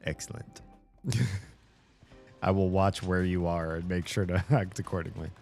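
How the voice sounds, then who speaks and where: A man's voice: deep voice, fairly even intonation, measured pace, gravelly, a little mellow, faint music behind. A male streamer hosting a casual chat while gaming, rambling thoughtfully and laughing often. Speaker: streamer and host.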